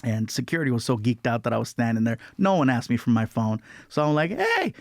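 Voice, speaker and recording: A man's voice: medium pitch, quick pace, no room sound, studio quality. A man, a comedian guest, telling a story in casual chat and acting out the other people's lines in put-on voices. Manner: animated, acts out quotes in put-on voices.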